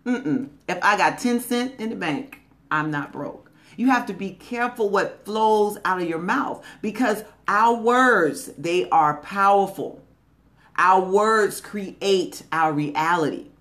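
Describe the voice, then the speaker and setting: A woman's voice: medium pitch, slow, a bit bright. Emphatic woman giving a motivational talk. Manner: emphatic and repetitive, drawing out key phrases; conversational, folksy phrasing. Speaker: motivational speaker.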